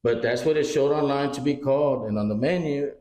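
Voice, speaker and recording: A man's voice: mid-range voice, fairly quick, warm tone. A man co-hosting a podcast, telling a story casually, acting out the dialogue and swearing freely. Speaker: podcast co-host. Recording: roomy echo.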